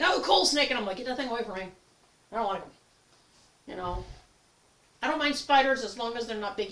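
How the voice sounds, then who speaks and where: An older woman chatting in a rambling comic monologue, acting out little voices as she goes. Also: medium pitch. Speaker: comedy vlogger. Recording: echoey room, a bit far from mic.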